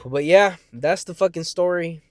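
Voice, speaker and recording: A man's voice: a little high, measured pace, darkish tone, no room sound, studio quality. A man in his twenties telling a personal story in a casual, rambling way, swearing constantly and often correcting himself. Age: 20s. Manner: profane, rambling, frequent swearing; restarts and self-corrections.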